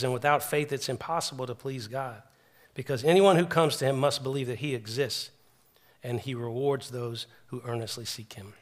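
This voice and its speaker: With a mid-range voice, a middle-aged man preaches earnestly and with animation. His storytelling is full of restarts.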